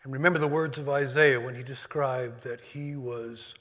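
A man preaching and leading communion, swinging from loud emphasis to hushed, near-whispered words. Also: medium pitch, steady tone, normal speed. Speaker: pastor. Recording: long hall reverb.

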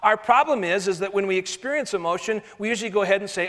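A man preaching a sermon as pastor, earnest, swinging from loud emphasis to soft, slow phrases. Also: high-pitched, long reverb tail.

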